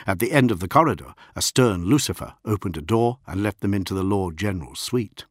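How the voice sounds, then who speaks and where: A man reading a science fiction audiobook in a measured, dramatic way. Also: on the low side, animated, dry recording, studio quality. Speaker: audiobook narrator. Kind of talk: scripted narration of science fiction.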